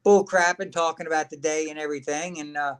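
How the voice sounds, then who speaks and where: A man's voice: a little high, fairly even intonation, fast talker, clean tone. A man, a wrestling guest at a fan signing, telling casual, rambling anecdotes and laughing as he goes. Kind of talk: casual storytelling.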